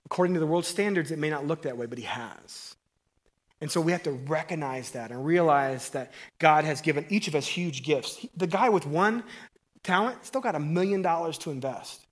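A middle-aged man delivers a lively, conversational sermon. His voice sits a little high for a man. He punches key words loudly, then drops to near-whispered asides. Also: normal speed. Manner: energetic and conversational, swinging from loud emphasis to quiet asides. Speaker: preacher.

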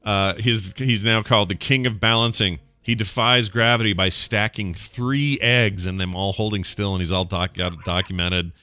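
A man's voice: on the low side, steady tone, normal speed, hardly any pauses, sharp tone, no echo. A man hosting a casual call-in podcast, chatty and jokey, laughing often. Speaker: podcast host. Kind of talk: casual call-in show chat.

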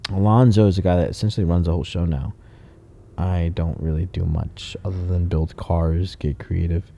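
Swearing, animated car-shop owner. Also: male voice, low voice, moderate pace, creaky. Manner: animated storyteller, swears a lot. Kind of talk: casual podcast chat.

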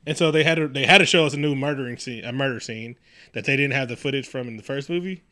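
Bright-voiced man riffing crudely. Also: medium pitch, quick pace. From New York. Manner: profane, animated riffing with mocking quoted voices. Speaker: podcast co-host. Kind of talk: casual movie recap chat.

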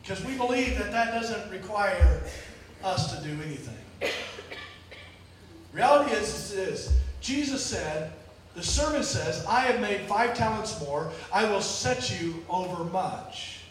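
A man preaching a sermon, telling stories and moving between sudden shouts and quiet drops, often repeating words as he restarts. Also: high-pitched, animated, unhurried, slight background noise. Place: church. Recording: echoey hall from far off.

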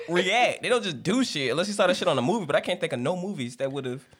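A man's voice: high-pitched, expressive, fast, fairly bright tone. A man co-hosting a podcast, joking and teasing in casual banter with his friends. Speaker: podcast co-host. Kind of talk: casual chat.

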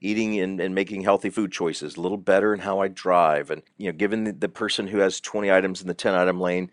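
A man's voice: deep voice, no echo, clean studio sound. A middle-aged man talking on a podcast as a guest counselor, telling stories with lots of repeated fillers. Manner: animated storytelling, frequent repeated fillers. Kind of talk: conversational podcast advice.

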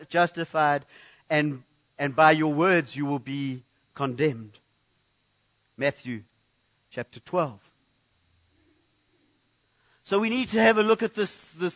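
High-voiced man preaching a sermon. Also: fairly bright tone. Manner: conversational preaching with frequent restarts and repeated words. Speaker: pastor. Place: church.

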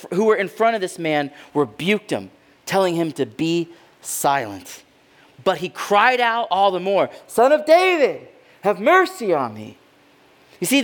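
A man preaching a sermon, dropping to a hush and then rising to loud, dramatic cries as he voices the people in the story. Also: sits high. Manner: dramatic, swings from hushed to loud voicing of characters. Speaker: pastor.

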